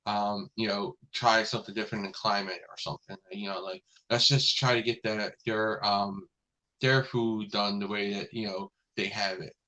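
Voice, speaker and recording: A man's voice: fairly low pitch, little pitch movement, normal speed, sharp tone, low-quality recording. A man hosting a casual review show, retelling an episode in a rambling way with many fillers and restarts.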